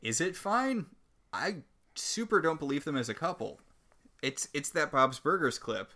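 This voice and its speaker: Guy with a bright sharp voice, annoyed and sarcastic, recapping a tv show. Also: fairly high pitch, sing-song, a little slow. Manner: ranting, exasperated, sarcastic. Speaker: podcast co-host. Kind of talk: casual TV recap chat.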